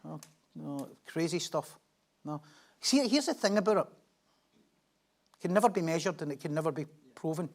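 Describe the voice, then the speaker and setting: A middle-aged man preaches in a loose, conversational way, with a voice that sits noticeably high. He jokes at his own expense, tosses questions out to the congregation and slips between storytelling and reading Bible verses aloud. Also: moderate pace, gravelly, long pauses. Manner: chatty, humorous, asks the congregation questions; animated storytelling, laughs at himself. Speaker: pastor.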